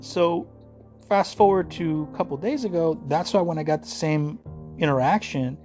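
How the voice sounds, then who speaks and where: A man's voice: fairly high pitch, normal speed, darkish tone, soft background music. A man from the United States in a casual ranting monologue, profane, sarcastic and combative.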